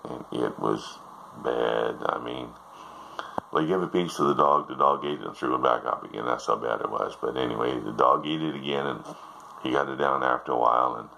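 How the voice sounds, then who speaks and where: A man's voice: a bass voice, creaky, bright, forceful tone, slight background noise, poor audio. An older man telling jokes in a folksy, meandering way, drifting into asides as he goes. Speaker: joke teller. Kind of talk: rambling joke telling.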